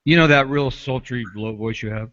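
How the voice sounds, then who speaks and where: A man working as a vocal coach, calmly explaining technique in casual chat over a video call. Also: medium pitch, normal speed. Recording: dull lo-fi call audio.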